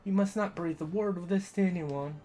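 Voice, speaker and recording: A haughty military officer speaks in a raised, affected voice, put on by a man. He draws his words out slowly and deliberately, with a calculating edge. A light music bed plays behind him. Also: high voice, mellow, close to an everyday voice. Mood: scheming.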